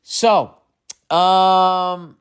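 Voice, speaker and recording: A man's voice: high-pitched, flat delivery, extremely slow, smooth. A man hosting a comedy advice podcast, ranting with lots of swearing and exasperated outbursts that drop into mutters. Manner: swearing, exasperated, swings between loud and muttering. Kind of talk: profane comedic rant.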